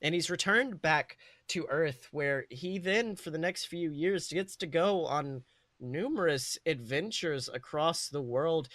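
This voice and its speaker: A young man hosts a podcast, narrating a comedic fan-fiction story in a rambling way, full of fillers and quick self-corrections. His voice is bright and forceful and sits slightly high for a man. The sound is dry and close. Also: lively intonation, dry recording. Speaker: podcast host.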